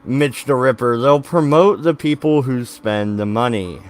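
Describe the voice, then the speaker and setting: A man co-hosting a casual podcast chat, with a wry, deadpan, monotone delivery. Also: mid-range voice, a little slow. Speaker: podcast co-host.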